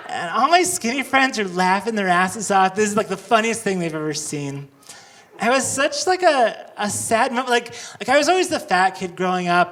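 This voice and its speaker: Animated, awkward stand-up comedian man. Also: high voice. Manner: awkward, self-deprecating, animated storytelling. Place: live comedy show at a restaurant venue. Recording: live club recording with background noise.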